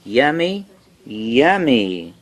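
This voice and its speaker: A woman's voice: extremely low pitch, sing-song, very slow, pitched above the performer's own voice, heavily acted. A woman voicing an irritated, possessive male pigeon in a picture book reading, huffy and self-satisfied. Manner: huffy, pleased with himself.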